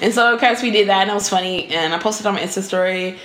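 A young woman telling a personal story in casual chat on a podcast, laughing often and acting out the quotes in a higher voice. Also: quick pace, a bit bright. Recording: echoey room.

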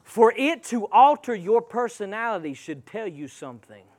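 High-pitched emphatic man preaching. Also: sing-song, normal speed. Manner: emphatic, calls out to the congregation. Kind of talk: sermon.

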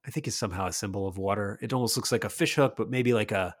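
A man's voice: on the low side, rapid-fire. A middle-aged man co-hosting a podcast, chatting casually and rambling with many fillers and restarts. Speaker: podcast co-host. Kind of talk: casual chat.

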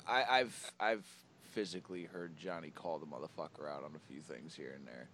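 Man, very deep voice, forceful tone, faint background noise, blunt banter. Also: brisk. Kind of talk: casual podcast chat.

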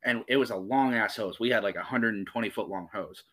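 Bright-voiced man telling wild stories. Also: fairly low pitch, brisk. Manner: animated, profane storyteller. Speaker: podcast host. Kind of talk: casual storytelling chat.

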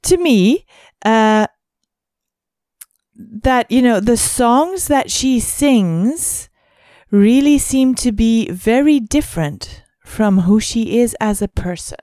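A woman's voice: fairly high pitch, lively intonation, slow, dark tone, no room sound. Woman co-host, resonant voice, dry and close, thinks aloud with hesitations. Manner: hesitant, many fillers and restarts, musing. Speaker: podcast co-host. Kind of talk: casual podcast chat.

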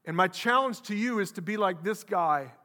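Male pastor, animated sermon delivery, bright, sharp tone, big reverberant church hall. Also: sits high, moderate pace. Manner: animated preaching, acts out quoted voices.

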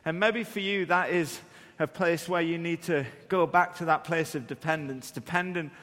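Man, pastor, sermon, high voice, long hall reverb. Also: moderate pace. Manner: storytelling, animated, with laughs.

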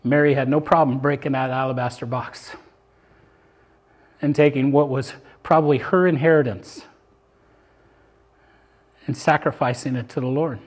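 An older man, a pastor, preaching a sermon and reading scripture aloud, rising to loud emphatic peaks and then dropping to quiet, reflective asides. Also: medium pitch, fairly even intonation, moderate pace, long pauses.

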